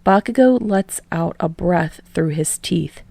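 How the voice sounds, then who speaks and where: A woman reading fan fiction aloud as a podfic reader in steady, measured narration. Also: on the low side, gravelly, no echo.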